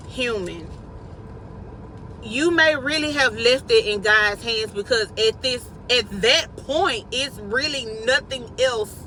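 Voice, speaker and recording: A woman vlogger giving a casual, inspirational faith talk, repeating lines slowly for emphasis in slangy, everyday phrasing. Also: fairly high pitch, pushed and bright, slight background noise, low-quality recording. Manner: slow, repetitive, preacherly emphasis.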